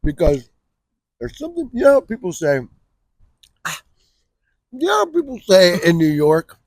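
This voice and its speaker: A man in his forties, a comedian guest in casual comedic chat outdoors at a backyard grill, joking and bursting into loud shouted bits. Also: high-pitched, sing-song, normal speed, gravelly, no echo. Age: 40s.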